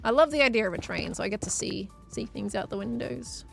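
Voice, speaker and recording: A woman's voice: mid-range voice, expressive, a little fast, vocal fry, a bit bright, faint music behind. An Australian woman from Victoria chatting casually on a gaming live stream, laughing often and answering chat as she plays.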